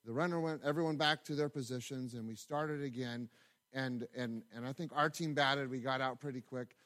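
A pastor preaching a sermon in a conversational, storytelling way, with asides to the congregation and frequent repeated words. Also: male voice, medium pitch, steady tone, moderate pace, fairly bright tone.

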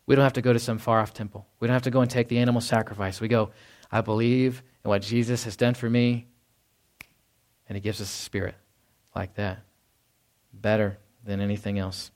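A man's voice: lowish voice, level tone, fairly quick, darkish tone. A male pastor giving a conversational sermon, often repeating words and acting out everyday voices. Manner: conversational, with many restarts and acted-out quotes.

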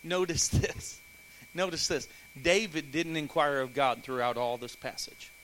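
A man preaching a sermon in church, animated, acting out voices and breaking into playful asides. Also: fairly high pitch, unhurried, low-quality recording. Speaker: pastor.

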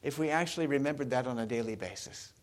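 A man's voice: mid-range voice, fast talker. A male pastor giving a sermon in a conversational way, often putting questions to the congregation.

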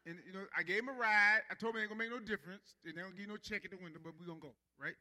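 Male pastor, high bright voice, sermon that builds to emphatic stretched-out words. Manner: preaching with rising intensity, drawn-out emphasis.

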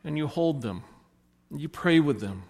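A man's voice: fairly high pitch, expressive, measured pace, gravelly, a little mellow. A man preaching a sermon as a pastor, retelling a story and acting out the characters' lines. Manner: storytelling, voicing the characters in quotes. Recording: long hall reverb.

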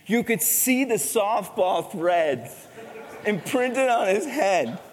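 A middle-aged male pastor preaching a sermon, animated and conversational, with rhetorical questions and storytelling. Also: sits high, takes it slowly. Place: church sanctuary. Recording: long reverb of a church hall.

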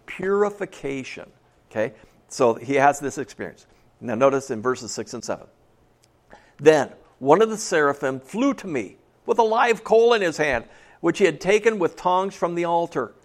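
A man preaching a sermon in a conversational way, often checking in with "okay?" and dropping to a soft low voice for asides.

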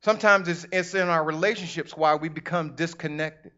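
High-voiced preacher man, conversational sermon. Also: brisk, muffled recording. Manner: animated, conversational preaching with acted asides. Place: church.

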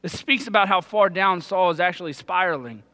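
A man's voice: high-pitched, fairly quick, pushed and bright, in a large hall. A man preaching a sermon, in a casual conversational way, paraphrasing scripture in folksy everyday speech. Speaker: pastor.

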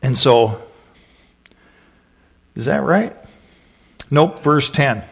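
A man preaching a sermon, retelling scripture in a lively storytelling way and acting out the voices. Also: mid-range voice, drawn-out words, creaky, breathy edge. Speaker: pastor.

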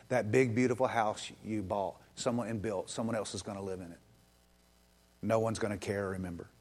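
A pastor preaching a lively sermon at a church service, with quick asides and frequent "um" fillers. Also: male voice, on the low side.

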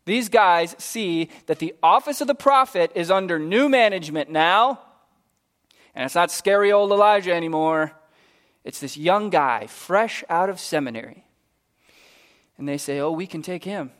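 A man with a high, light voice delivers a sermon. He tells the story in a lively, conversational way and slips into casual voices for the characters he quotes. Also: unhurried. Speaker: preacher.

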